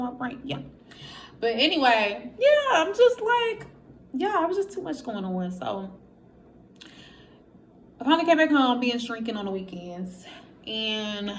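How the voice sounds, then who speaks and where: A woman's voice: a little high, slight background noise. A woman telling her personal story straight to her viewers in a candid, profane, casual way, acting out what others said. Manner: animated, acts out quotes of others. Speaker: vlogger.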